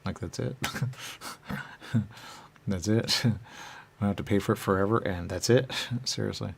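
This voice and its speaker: This man speaks as a dead spirit in his own voice, which is gravelly with a breathy edge. His speech rambles and halts, tails off into fillers, and jumps to high registers for quotes.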